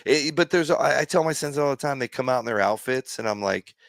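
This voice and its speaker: A middle-aged man, a sports show guest, telling animated, jokey, self-deprecating stories in casual chat. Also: mid-range voice, fairly quick, creaky, no echo. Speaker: guest, former pitcher.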